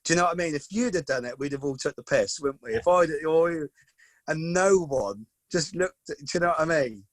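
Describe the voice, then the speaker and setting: A man, a podcast guest telling stories in a lively, casual way and calling the host "mate". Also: fairly high pitch, fairly quick, dry recording. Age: 40s. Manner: lively anecdotal, peppers talk with "mate" and "do you know what I mean". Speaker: podcast guest, football coach. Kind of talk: casual storytelling chat.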